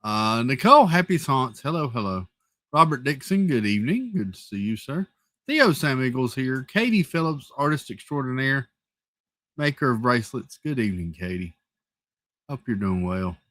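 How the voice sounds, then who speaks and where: Male stream host, mid-pitched, dry close sound, playful rambling greetings, slight headache weariness. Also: sing-song, normal speed, a bit bright, no room sound. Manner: greets chat viewers one by one, rambling and playful. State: has a headache. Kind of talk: casual live-stream chat.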